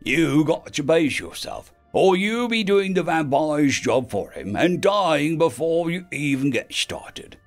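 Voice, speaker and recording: A man's voice: a little high, very animated, vocal fry, faint music behind, pitched above the performer's own voice, exaggerated voice. A man voicing a flippant talking sword. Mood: wry. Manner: flippant, joking, drawn-out delivery. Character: sardonic shape-shifting talking sword, male.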